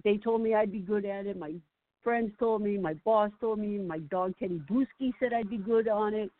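Calling into a chat show as a guest, a woman with a mid-range voice speaks at an ordinary pace. Her stories are lively, full of laughter and performed quotations, and the phone audio sounds tinny and dry.

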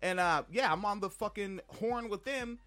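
A man co-hosting a podcast, telling a story in a casual, profane, animated way. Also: high-pitched, moderate pace. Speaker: podcast co-host. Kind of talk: casual chat.

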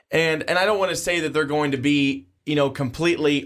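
A man with a mid-range voice co-hosting a sports podcast in casual conversation. He talks at a measured pace and works through his points out loud, often circling back to rephrase. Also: medium pitch. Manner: measured, thinking aloud with fillers and restarts. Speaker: podcast co-host.

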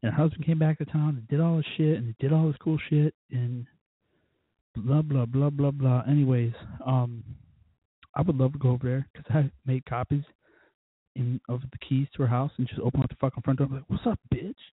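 Husky man ranting over a tinny line. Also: medium pitch, steady tone, fairly quick, dry recording. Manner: profane, fired-up storytelling. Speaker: podcast host. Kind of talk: casual ranting monologue. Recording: tinny phone-like, dry.

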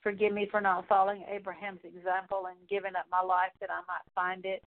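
A woman prays aloud in a long confession, her voice held in a narrow, even band of pitch. She pleads in halting, repeated phrases broken by pauses. The sound is thin and phone-like. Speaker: prayer leader. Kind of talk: spoken prayer of confession.

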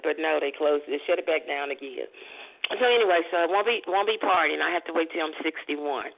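A woman turning sixty, co-hosting a casual chat show and rambling through birthday shout-outs, laughing often and restarting her sentences. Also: fairly low pitch. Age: 60s. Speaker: co-host. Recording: tinny phone line.

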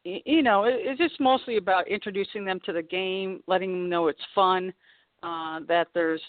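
A woman's voice: medium pitch, normal speed, no echo. A woman in her fifties, a guest golf pro, chatting casually and laughing often during a phone-in radio interview. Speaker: guest professional golfer. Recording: tinny dry phone line.

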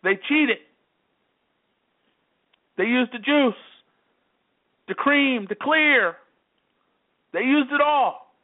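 A man's voice: extremely high pitch, expressive, drawn-out words, long pauses. A man hosting a sports talk show, delivering an emphatic, repetitive monologue that keeps hammering the same phrases. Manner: repetitive, emphatic, worked-up commentary. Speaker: sports radio host. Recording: tinny phone-line audio.

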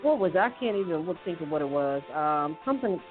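A woman's voice: deep voice, expressive, fast. Chatty woman over a tinny line. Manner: chatty and rambling, with many fillers and restarts. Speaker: host giving health tips. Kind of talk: casual chat. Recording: tinny phone-like audio with faint music.

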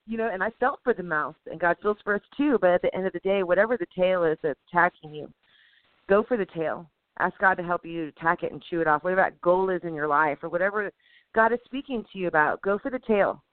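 A woman delivers lively, preachy encouragement in a casual faith podcast chat. Her voice comes through dry, with no room sound. It is squeezed thin, like a phone line. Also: lowish voice, fast talker, no echo. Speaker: co-host.

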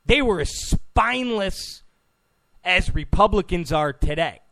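Emphatic man, high animated voice. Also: unhurried, gravelly. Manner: emphatic, repeats phrases, stammers on restarts. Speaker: political talk show host. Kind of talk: opinionated political monologue.

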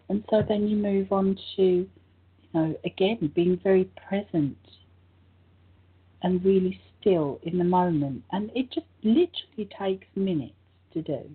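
A woman co-hosting a spiritual talk show, her voice croaky, gently guiding listeners through a meditation. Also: lowish voice. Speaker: co-host. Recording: tinny phone-like line.

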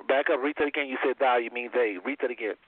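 A man's voice: fairly even intonation, fast, dry recording. Emphatic preaching man on a phone line. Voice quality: preachy, emphatic, swings high and low. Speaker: host. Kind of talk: Bible teaching on a call-in show.

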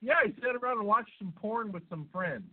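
A man's voice: high-pitched, animated, brisk. A man co-hosting a podcast, rambling through crude banter and laughing at his own jokes, sounding stuffed up from a cold. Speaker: podcast co-host. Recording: tinny phone-like sound.

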